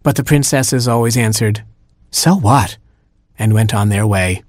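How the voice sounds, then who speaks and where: A man narrating a children's storybook in a measured, gently humorous way. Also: lowish voice, no room sound. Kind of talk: storybook reading.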